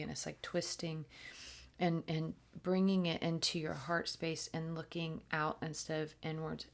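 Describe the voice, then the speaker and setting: A woman with a somewhat low voice gives a channeled spiritual reading. She speaks softly and hesitantly, often dropping to a whisper. She weaves flowing strings of invented syllables into her plain talk. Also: flat delivery, gravelly. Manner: soft-spoken, often drops to a whisper, halting with fillers. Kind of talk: channeled reading with spoken light language.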